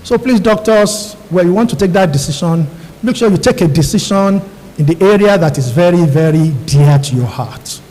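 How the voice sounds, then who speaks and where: High-voiced Nigerian man speaking in a hall. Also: animated, normal speed, a little mellow. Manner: earnest, storytelling, addresses audience directly. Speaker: guest speaker, radiologist. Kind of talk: speech to new doctors. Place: large university auditorium. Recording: long hall reverb.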